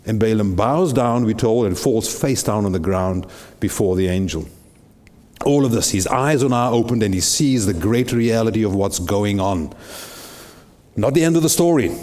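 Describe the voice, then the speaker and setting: Dramatic preacher in a reverberant hall. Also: male voice, mid-range voice. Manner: animated, dramatic retelling with rhetorical questions. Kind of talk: storytelling sermon. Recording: long reverb in a big hall.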